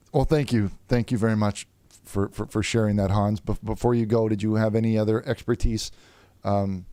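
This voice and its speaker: A man's voice: lowish voice, normal speed, mellow, no echo. A man improvising as a plaintiff in a comedic mock trial, stammering and repeating words as he talks. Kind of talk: comedic improvised courtroom role-play.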